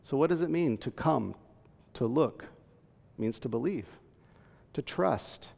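A man preaching with a gravelly, creaky voice, reading verses and teaching with earnest emphasis. His voice carries a long reverb, as if in a large hall. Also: medium pitch, animated, takes it slowly, darkish tone. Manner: earnest teaching, reading scripture aloud, rising to emphatic peaks. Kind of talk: sermon.

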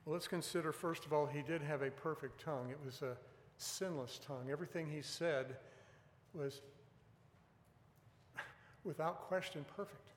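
A man's voice: on the high side, normal speed, long pauses, slight background noise. A man preaching a sermon in an earnest, emphatic way, pressing on key words. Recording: echoey hall with long reverb.

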